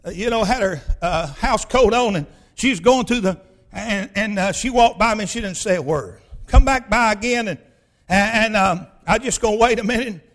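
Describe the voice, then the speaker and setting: High-voiced preacher telling stories. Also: male voice, normal speed. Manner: folksy, emphatic, bursts into shouting. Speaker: pastor. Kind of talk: storytelling sermon.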